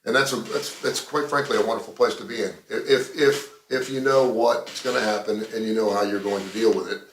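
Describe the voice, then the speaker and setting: A man hosting a radio show, talking in a rambling, animated, casual way. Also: fairly low pitch, a little fast, echoey room, slight background noise. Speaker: radio host.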